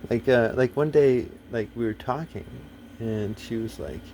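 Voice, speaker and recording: A man with an unhurried, mellow, mid-range voice hosts a video, talking casually to camera. Blunt and profane, he rambles with frequent fillers and restarts; slight background noise is present.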